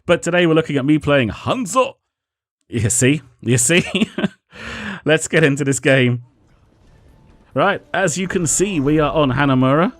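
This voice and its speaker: A man's voice: fairly high pitch, moderate pace, no room sound. A man hosting a casual gameplay commentary, talking in an analytical, self-mocking way at a desk microphone. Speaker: host.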